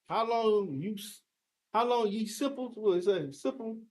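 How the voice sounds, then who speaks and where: A man's voice: sits high, a little slow, a little mellow. A man teaching a fiery scripture breakdown, emphatic and confrontational, firing rhetorical questions and mild curses at his listeners.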